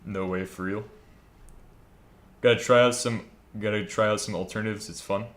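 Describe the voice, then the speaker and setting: A man's voice: on the low side, steady tone, normal speed, a bit bright. A man casually chatting on a live stream, joking around and reading viewer comments aloud while he builds a server. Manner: joking, rambling, reads chat aloud.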